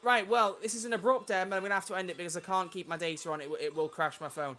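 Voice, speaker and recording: A man's voice: high voice, fairly even intonation, very fast, sharp tone. A young man on a casual livestream, chatting away and flustered by tech trouble, recorded at home.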